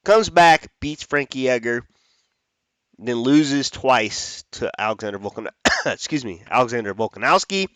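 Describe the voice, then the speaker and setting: A man giving his fight predictions in a loose, chatty way, wandering off on tangents and fixing his own mistakes as he talks. His voice sits at a middle pitch. He is recorded close and dry, with no room sound around him. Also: expressive, measured pace, a bit bright, no room sound. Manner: chatty, rambling with restarts and self-corrections. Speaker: MMA fight picks host. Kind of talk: casual fight prediction talk.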